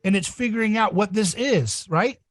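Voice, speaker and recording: A man hosting a casual podcast discussion, talking in a rambling, animated way. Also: moderate pace, no echo. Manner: rambling and animated, acts out voices in shrill squeals. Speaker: podcast host.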